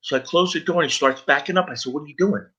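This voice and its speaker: A man's voice: fairly high pitch, very fast, pushed and bright. A middle-aged man sharing his recovery story in an earnest personal testimony, speaking straight to his listeners.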